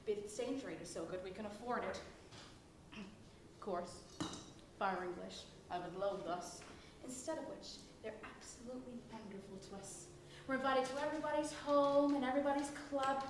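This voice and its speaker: A woman plays a chatty actress abroad, gushing and animated as she reads her letter aloud. Her voice sits a touch high. It carries from a distance through a very echoey theatre with faint noise. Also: moderate pace, natural voice. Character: lively American actress writing home from England, woman. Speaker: stage actor. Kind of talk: stage play reading a letter aloud. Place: theatre stage.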